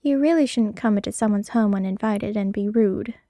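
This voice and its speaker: A woman's voice: mid-range voice, brisk, mellow, no room sound, natural voice. A woman voicing Parker, a blunt, quirky female thief, in a read-aloud story.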